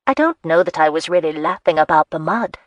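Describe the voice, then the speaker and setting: Woman doing earnest young marchioness, brisk, higher than the narration, dry sound. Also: animated, no room sound, dull audio.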